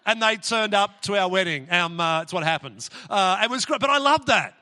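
A middle-aged man preaching a sermon from the front of a church, praying and telling family stories in an animated, exclamatory way with many restarts. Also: high-pitched, normal speed. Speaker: pastor. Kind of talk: sermon with prayer and personal stories. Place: church hall. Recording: long hall reverb in church.

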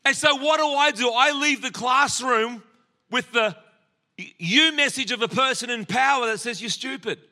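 An Australian man in his sixties delivers a sermon, weaving personal stories and jokes aimed at the people in front of him. His voice sits high for a man. It has a sharp, very bright edge. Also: normal speed. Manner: storytelling with humor, addressing the congregation.

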